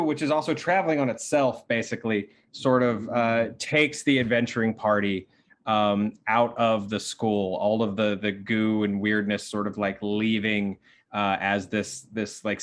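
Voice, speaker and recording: A man, as game master, narrating the close of a tabletop game slowly and deliberately. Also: on the low side. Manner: slow, deliberate, hushed narration.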